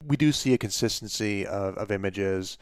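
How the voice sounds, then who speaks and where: A man's voice: on the low side, normal speed, clean tone, no room sound, clean studio sound. A man co-hosting a casual literary discussion, reflective, often repeating words as he restarts. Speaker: podcast co-host discussing a classic novel.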